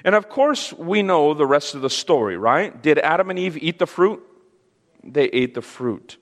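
A man preaching a sermon, teaching slowly and emphatically and asking the audience questions. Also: mid-range voice, long reverb tail.

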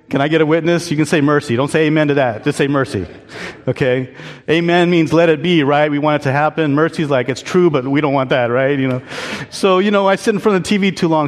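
In a church, a man with a medium-pitched voice preaches a sermon as a pastor. He's candid and conversational, asking the congregation to answer back in call-and-response. The sound has a big-room quality.

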